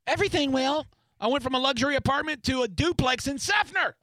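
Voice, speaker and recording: A man's voice: fast, slight background noise. A middle-aged man telling rowdy stories in a casual podcast chat, profane and emphatic. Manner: animated, profane, swings high and loud for emphasis. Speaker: podcast host.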